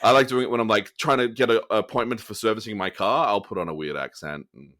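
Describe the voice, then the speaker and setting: A man's voice: fairly low pitch, fast, no echo. Upbeat Australian man, dry close mic. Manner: upbeat, animated, many fillers. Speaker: guest actor. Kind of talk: casual interview over a video call.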